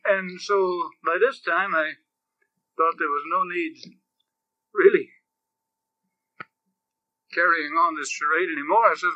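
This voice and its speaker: A man delivers a sermon as a priest, his slightly high voice strikingly bright and ringing. He moves between slow, grave passages and lively, animated storytelling. The recording is dry and close, with no room sound. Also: no room sound, muffled recording. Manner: grave and slow, turning animated when telling anecdotes.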